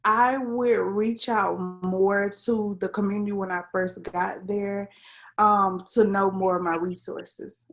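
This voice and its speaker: Young woman guest in a chill interview, earnest, lots of ums and likes, middle pitch. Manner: earnest storytelling with frequent "um" and "like". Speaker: interview guest, civil engineer. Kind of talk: casual conversational interview.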